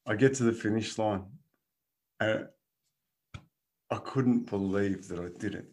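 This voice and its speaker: A man's voice: fairly low pitch, measured pace. A man, a guest casually telling a story and laughing through it. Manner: animated, laughs through his stories.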